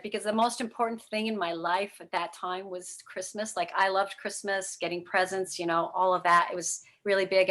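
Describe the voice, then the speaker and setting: A woman's voice: medium pitch, bright, forceful tone. A woman interview guest telling a personal story candidly and emotionally, with frequent fillers.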